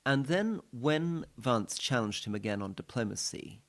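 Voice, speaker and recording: A British man co-hosting a political podcast, recounting events in a measured way. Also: medium pitch, expressive. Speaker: podcast co-host.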